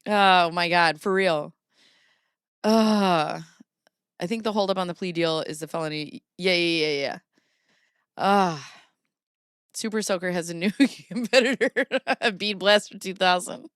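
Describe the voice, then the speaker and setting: A woman's voice: on the low side, a little slow, long pauses, fairly bright tone, smooth, no echo, clean studio sound. A woman in her thirties hosting a casual livestream, giggly and often breaking into laughter. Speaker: streamer host.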